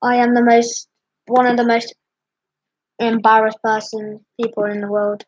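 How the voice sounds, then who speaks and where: A young woman vlogs in a slow, husky voice that is slightly high. She sounds panicked and apologetic, and keeps repeating herself. The recording is dull and lo-fi. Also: flat delivery. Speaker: YouTuber. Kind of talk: distressed vlog commentary.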